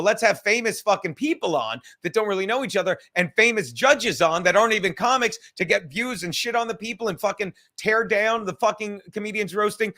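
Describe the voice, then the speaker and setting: A man's voice: sits high, pushed and bright. A man hosting a podcast, ranting heatedly with lots of swearing and rambling restarts. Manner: profane, heated, rapid rambling. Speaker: podcast host. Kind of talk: casual podcast rant.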